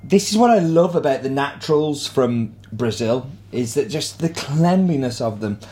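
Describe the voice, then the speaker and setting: A man's voice: fairly high pitch, a little mellow. A man hosting a casual coffee tasting vlog, talking enthusiastically with plenty of fillers. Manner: enthusiastic, chatty, filler-heavy. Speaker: coffee roaster host.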